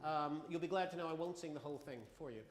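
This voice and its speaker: A man giving a conversational, wry museum talk to an audience, with halting restarts. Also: on the high side. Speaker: lecturer and folk singer. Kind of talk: museum talk with sung examples. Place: museum hall. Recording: echoey hall with guitar. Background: acoustic guitar.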